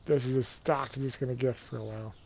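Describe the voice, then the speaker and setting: A man's voice: mid-range voice, steady tone, fast, creaky, darkish tone, dull audio, slight background noise. A man giving playful, casual commentary over a game, counting and thinking aloud to himself while he keeps yawning. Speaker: let's play gamer.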